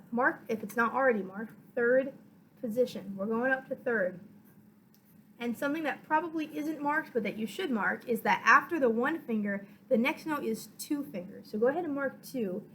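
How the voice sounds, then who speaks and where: Patient woman teaching violin, slightly high voice. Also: a bit bright, slight background noise, poor audio. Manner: patient, step-by-step explaining with fillers and counting aloud. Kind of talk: online music lesson.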